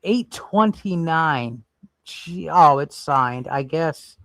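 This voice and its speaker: Male stream host, slightly high voice, rambling casual chat. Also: animated, extremely slow, a bit bright, no room sound. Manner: rambling, thinks aloud while browsing. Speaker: livestream host.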